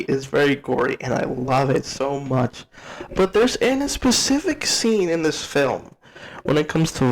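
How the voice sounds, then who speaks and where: A young man talks through a movie review in a loose, unscripted way, pitched a little higher than most men. He is blunt and excitable, stacks up repeated words when he gets worked up, and swears without a second thought. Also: low-quality recording. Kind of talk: casual spoken movie review.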